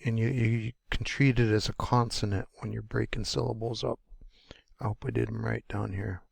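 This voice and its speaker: A man teaching pronunciation, sounding out words slowly and repeating each syllable. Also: lowish voice, level tone, vocal fry, husky, no room sound. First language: English. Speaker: language teacher. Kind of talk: pronunciation lesson.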